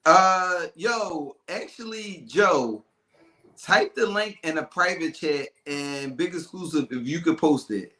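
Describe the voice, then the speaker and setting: A man hosting a casual podcast chat, animated and loose with slang, often laughing. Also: a little high, takes it slowly, reverberant, rough recording. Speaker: podcast host.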